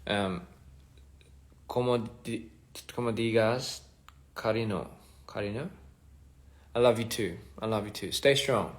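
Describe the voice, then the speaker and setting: A man with a voice on the low side speaks at a measured pace while chatting casually on a phone livestream. He reads fan comments and rambles, trailing off between thoughts and adding soft-spoken asides.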